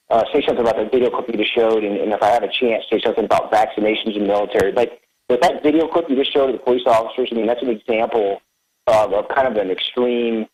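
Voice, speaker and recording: Male army caller, quick and earnest, halting with fillers, over a phone line. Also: medium pitch, darkish tone. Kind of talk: call-in radio comment.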